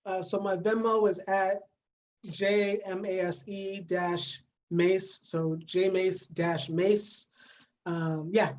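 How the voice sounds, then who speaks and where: A man's voice: high-pitched, little pitch movement, takes it slowly. A man, a poet and guest, chatting in a laid-back, joking way and laughing easily. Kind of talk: casual chat.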